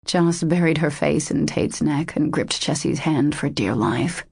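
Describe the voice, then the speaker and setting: A woman narrating a romance audiobook in a measured, intimate way. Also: sits low, creaky, darkish tone, husky, no room sound, studio quality.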